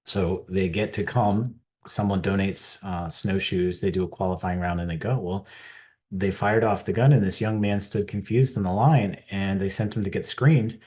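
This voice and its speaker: Middle-aged American man, deep-voiced keynote speaker, animated earnest storyteller. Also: normal speed. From United States. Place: conference stage.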